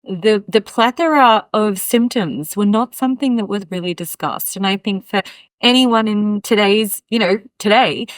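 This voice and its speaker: A woman hosts the conversation and speaks in a reflective, thoughtful way, often affirming her guest. Her voice sits at a middle pitch. The sound is close and dry. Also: moderate pace, dry recording. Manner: warm reflective talk with frequent affirmations. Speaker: interviewer. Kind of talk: casual interview conversation.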